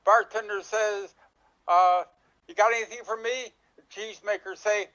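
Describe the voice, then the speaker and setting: A man, an improv player, telling jokes in a rapid, clipped way. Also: sits high, steady tone, pushed and bright. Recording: dull lo-fi audio.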